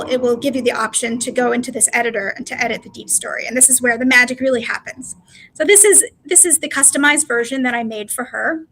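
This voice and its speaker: A woman's voice: high voice, sharp tone. A woman presenting a live webinar walkthrough, chatty and explanatory, with frequent fillers. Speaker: presenter of a live product demo.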